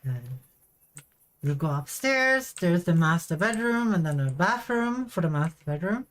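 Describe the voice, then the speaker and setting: A woman's voice: fairly low pitch, animated, a little slow. A woman streaming a video game, chatting casually to her viewers with offhand swearing. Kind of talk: casual gameplay commentary.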